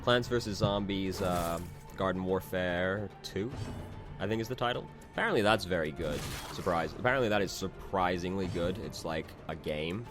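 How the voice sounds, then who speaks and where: A man's voice: sits low, normal speed. A man hosting a let's play, chatting casually and rambling, with frequent restarts and swearing, close to the mic. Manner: rambling, self-interrupting, casually profane. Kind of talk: casual gameplay commentary. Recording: game music playing underneath.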